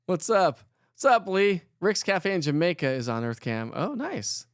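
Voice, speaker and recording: A man's voice: sits high, very animated, normal speed, clear, resonant tone, no echo, clean studio sound. Chatty man hosting a weather livestream. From Colorado. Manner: chatty, upbeat, jokey, greets viewers by name. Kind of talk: casual live-stream chat reading viewer comments.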